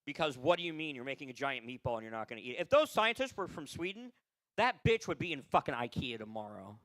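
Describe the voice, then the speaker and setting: A man's voice: medium pitch, very animated, fast, a bit bright, dry recording. A man doing a profane, rambling stand-up set at an open mic, tired and laughing at his own jokes.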